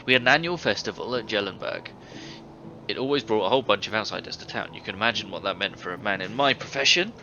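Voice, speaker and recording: A man's voice: on the low side, lively intonation, fast talker, pushed and bright, exaggerated voice. A man voicing a middle-aged former thief in a video game, telling tales with hearty, boastful relish. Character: older male ex-thief, boisterous tavern storyteller. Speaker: game character. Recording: dull game audio with faint hiss.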